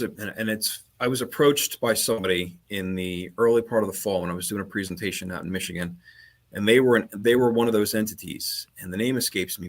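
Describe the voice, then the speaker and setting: A man's voice: lowish voice, fairly bright tone. A man, talking as a guest HVAC trainer in a casual podcast chat over a video call, rambling and restarting his sentences. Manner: rambling, repeats words and restarts often.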